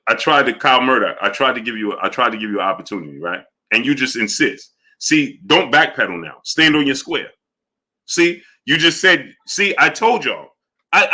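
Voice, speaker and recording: Bright-voiced combative stream host. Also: male voice, a little high, animated, moderate pace. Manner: combative, challenges chatters, shouts out viewers. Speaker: boxing livestream host. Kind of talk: live-stream chat, reading donations.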